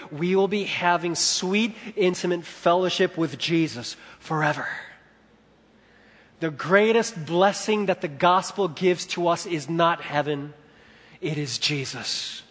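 High-voiced preacher in a reverberant hall. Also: male voice, a little slow. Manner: animated storytelling, swings between loud and hushed. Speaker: pastor. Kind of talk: sermon.

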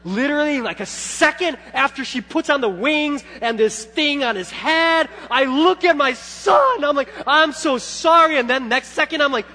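A man in his thirties preaching a sermon as pastor, telling a story with lively swings from quiet reflection to loud, excited retelling of his own thoughts. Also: extremely high pitch, normal speed, hardly any pauses. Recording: long church hall reverb with faint hum.

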